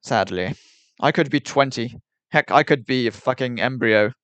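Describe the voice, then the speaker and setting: Young adult male streamer, wry rambling chat, mid pitch, dry room. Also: normal speed, fairly bright tone, dry recording. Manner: rambling, wry, mock-formal phrasing. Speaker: livestreamer. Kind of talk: casual livestream commentary.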